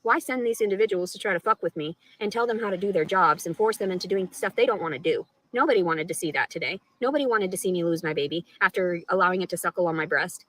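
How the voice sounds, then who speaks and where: Speaking straight to her live stream viewers, this woman rambles and curses heavily in an aggrieved tone. She has a fairly low, fairly bright voice and talks fast with few pauses over poor audio.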